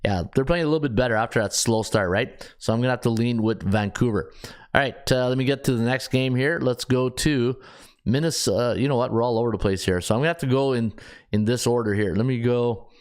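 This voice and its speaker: Man, podcast host, rambling, mid-pitched, thinking aloud, lots of fillers. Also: fairly quick. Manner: rambling, thinks aloud while checking stats; heavy fillers and restarts. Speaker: sports betting podcast host. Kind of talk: casual solo analysis.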